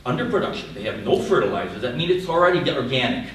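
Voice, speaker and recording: A man's voice: medium pitch, sing-song, fast, crowd noise. Blunt older Southern American man. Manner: blunt, exasperated, argumentative. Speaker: audience member, professor emeritus. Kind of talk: public panel discussion comment. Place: large lecture hall. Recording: echoey hall, distant mic, faint noise.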